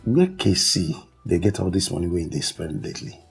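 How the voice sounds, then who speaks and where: A gravelly, scheming gossip. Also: male voice, low-pitched, moderate pace, faint music behind. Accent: Nigerian. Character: scheming man gossiping about rich relatives. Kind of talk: Nollywood film acting.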